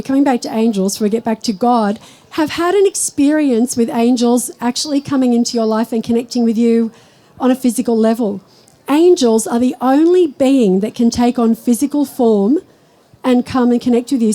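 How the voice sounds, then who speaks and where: A woman giving a live spiritual talk to an audience, chatty and storytelling, slowing down when she speaks of God. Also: a little high, warm tone, poor audio. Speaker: spiritual teacher.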